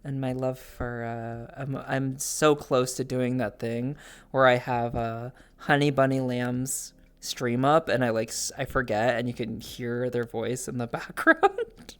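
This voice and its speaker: A woman streamer chatting casually with her viewers, bubbly, swinging between soft murmurs and high squeals. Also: measured pace, clear, resonant tone. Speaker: live streamer.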